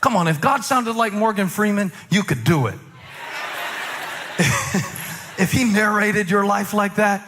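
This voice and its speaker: A middle-aged male pastor preaching a sermon, moving from casual talk into shouted, sing-song emphasis. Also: a little high, in a large hall, a little hiss or hum.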